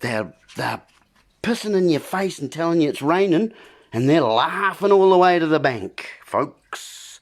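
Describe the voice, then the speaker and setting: A man's voice: a little high, expressive, measured pace. A man hosting a political monologue, ranting and repeating himself as he keeps addressing his listeners as folks. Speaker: video host.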